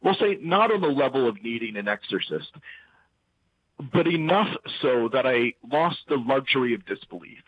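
Casting: middle-aged man, lively, husky, halting delivery over a tinny phone-like line. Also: medium pitch, no echo. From central Louisiana. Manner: animated, halting with restarts and fillers. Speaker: interview guest. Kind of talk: casual faith interview.

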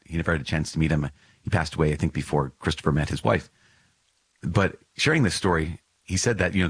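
A man's voice: low voice, slightly rough, dry recording, rough recording. A man hosting a podcast, reading aloud from a religious text and reflecting on it earnestly, repeating key phrases for emphasis. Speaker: podcast host.

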